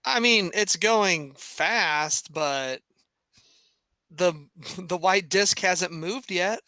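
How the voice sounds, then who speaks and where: Crisp, bright-toned gamer, dry close mic, matter-of-fact. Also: mid-range voice, very slow, dry recording. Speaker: board game player on stream. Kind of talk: casual game-stream chat.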